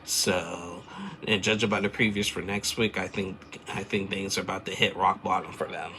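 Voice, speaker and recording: A man's voice: deep voice, level tone, normal speed, pushed and bright, a little hiss or hum. A man casually recapping a reality TV episode, rambling and chatty with lots of fillers. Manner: rambling, chatty, loose filler-heavy storytelling.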